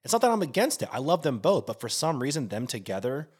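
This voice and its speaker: A man co-hosting a podcast in casual chat, swearing freely and breaking into animated outbursts. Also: mid-range voice, fast, husky. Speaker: podcast co-host.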